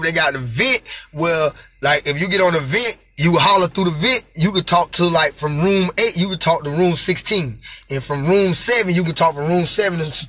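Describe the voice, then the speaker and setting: A man in his late thirties telling his own story in a casual, emphatic monologue that sinks into quiet, reflective stretches. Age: late 30s. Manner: emphatic, drops to low reflective tones.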